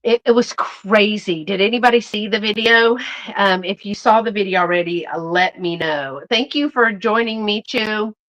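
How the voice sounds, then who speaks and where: A woman's voice: mid-range voice, normal speed, a bit bright, poor audio. Chatty woman hosting a live stream. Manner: chatty and bubbly, many fillers and restarts, addresses viewers as y'all. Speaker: YouTube vintage reseller hosting a live stream. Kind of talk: casual live-stream chat with viewers.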